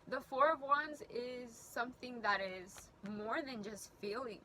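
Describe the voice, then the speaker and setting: A woman's voice: fairly high pitch, unhurried, pushed and bright, a little hiss or hum. Earnest, emotional woman tarot reader. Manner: emotional, earnest, rambling with restarts. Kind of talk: tarot reading video.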